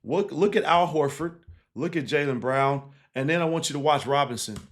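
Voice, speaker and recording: A man, a basketball coach, casually breaking down game film, animated and laughing easily, tagging points with 'right?'. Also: on the high side, normal speed. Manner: animated, keeps checking in with 'right?' and 'again'; laughs easily while explaining.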